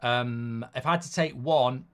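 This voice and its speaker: A man's voice: medium pitch, a little slow, a bit bright, clean tone. A middle-aged man, hosting a live football watchalong in a chatty way and reading out viewer comments. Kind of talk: casual live-stream chat.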